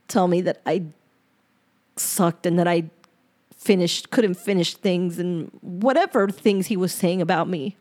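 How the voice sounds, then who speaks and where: A woman hosting a podcast who reads her own journal entry aloud, then reflects on it in an earnest, emotional way, often halting and repeating herself. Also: fairly low pitch, darkish tone. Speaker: podcast host.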